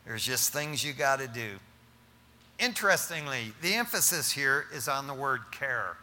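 A middle-aged man preaching as pastor, talking in an animated, casual way and often calling his listeners "man". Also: medium pitch, moderate pace, big-room sound. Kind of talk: sermon.

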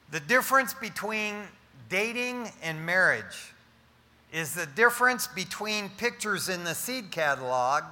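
A male pastor preaches a sermon, telling jokes and tossing playful asides to his congregation. His voice sits fairly high and rings very bright. A long reverb trails each phrase through the church hall.

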